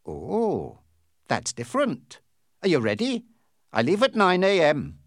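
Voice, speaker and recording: A hot-tempered sea captain, put on by a man reading a storybook aloud. He blusters in a voice lifted far above the reader's own, swinging wildly in pitch, and the reading is slow and dry. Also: huge pitch swings, dry recording, full character voice. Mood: gruff. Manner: blustering, rising to outraged shouts.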